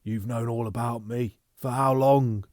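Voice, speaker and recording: A man voicing a tormented, rough-edged spaceman in an audiobook reading, who speaks in a raised, urgent voice. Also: mid-range voice, steady tone, unhurried, darkish tone, dry recording, clean studio sound, close to an everyday voice. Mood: accusing.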